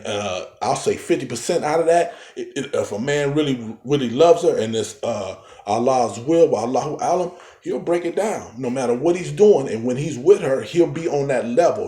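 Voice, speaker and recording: A man telling a long rambling story in casual street slang, full of fillers and lively quoted exchanges. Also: mid-range voice. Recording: echoey room.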